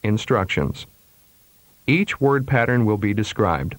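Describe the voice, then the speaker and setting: A man reading scripted pronunciation instructions in a measured, precise way, like a language course tape. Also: on the low side, lively intonation, dry recording. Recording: dry studio recording.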